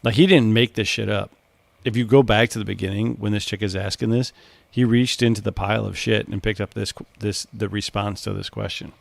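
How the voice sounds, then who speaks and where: A man co-hosting a podcast in loose, profane casual chat, animated and quick to laugh. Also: on the low side, vocal fry, no echo. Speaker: podcast co-host.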